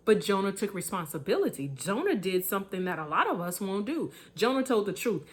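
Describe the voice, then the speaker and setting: A woman's voice: mid-range voice, big pitch swings, fairly quick, few pauses. A woman giving a motivational talk in a preaching style, emphatic and colloquial, repeating her points and chuckling now and then. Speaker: motivational speaker.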